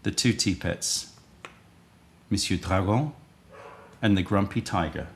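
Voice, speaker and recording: A man with a low, gravelly voice hosts a casual live stream. He rambles, thinks out loud and chats loosely with his viewers. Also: slow, a little hiss or hum. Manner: rambling, chatty, thinks aloud. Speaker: livestream host selling tea.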